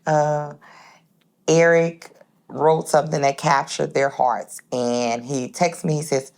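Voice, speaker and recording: A woman's voice: slow pace, creaky. A woman from Port Arthur, Texas, a home-based caterer, telling a story in a casual chat and acting out the dialogue with big jumps in her voice. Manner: animated, acts out dialogue with big pitch jumps.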